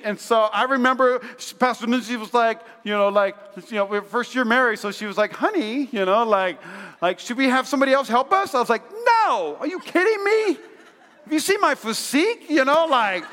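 A man's voice: high voice, pushed and bright, clean tone. A male pastor in his thirties preaching a sermon and telling a personal story in a chatty way, full of fillers and restarts. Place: large church hall. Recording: long hall reverb.

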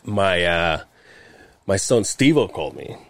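A man's voice: sits low, lively intonation, unhurried, no echo. A man co-hosting a podcast in casual chat, telling rambling work stories, swearing often and laughing. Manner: rambling storyteller, swears a lot, frequent fillers and laughs. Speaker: podcast co-host; heavy equipment operator.

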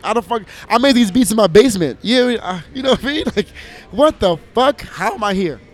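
A DJ and producer from Minneapolis chats as a guest in a casual interview, his voice sitting high and brisk. He's an animated storyteller who swears freely and laughs often.

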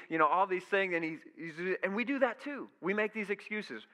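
A young adult male pastor preaches a conversational sermon to his church in a sanctuary with echoey hall reverb. His high-pitched voice is expressive, bright and pushed, moving at normal speed with few pauses. He tells stories casually and acts out what people think and say.

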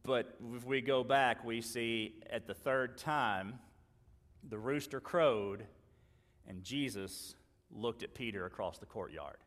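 A man preaching a sermon, earnestly acting out the dialogue he quotes and moving between loud emphasis and quiet asides. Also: medium pitch, slow pace, big-room sound. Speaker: pastor.

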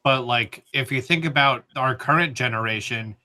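A man co-hosting a casual gaming chat, giving steady opinions and teasing the others. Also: mid-range voice, moderate pace. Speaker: co-host.

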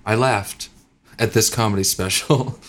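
A man with a somewhat low voice talks casually on a podcast. He sounds easygoing and dry, and tosses in quick asides. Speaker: podcast co-host. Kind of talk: casual chat.

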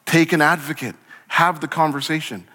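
A man preaching a sermon as a church pastor, conversational and animated, acting out little scenes from the text. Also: fairly high pitch, normal speed. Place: church sanctuary. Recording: long hall reverb.

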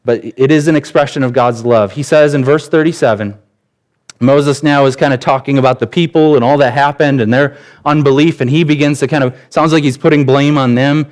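A man's voice: medium pitch, fairly even intonation, fairly quick. A man in his thirties, a pastor, preaching a sermon in a conversational way, with personal stories and frequent restarts.

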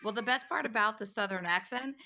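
A woman co-hosting a comedy podcast, giggly and animated in casual chat. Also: medium pitch, fairly quick. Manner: giggly, animated, doing silly voices. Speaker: podcast co-host.

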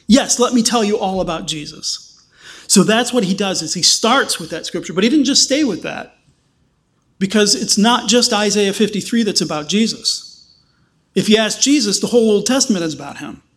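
Man, high voice, pastor, sermon, emphatic slow stresses, quick asides. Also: animated, fairly bright tone.

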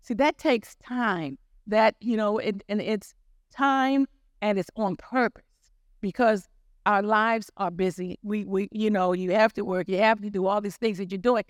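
A woman's voice: medium pitch, measured pace, no echo, clean studio sound. An older woman preaching a sermon, telling her own story in an earnest, repetitive way.

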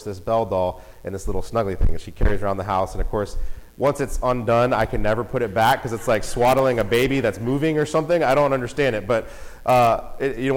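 A father telling a family story in a casual, animated way. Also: mid-range voice, poor audio. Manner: animated, acts out voices and shouts in quotes.

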